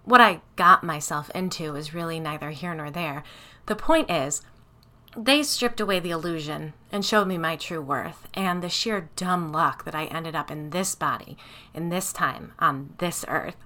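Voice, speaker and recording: A woman's voice: low voice, sharp tone. A woman voicing a possessed woman who turns cold, bitter and ominous. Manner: bitter, then slow doom-laden pronouncements.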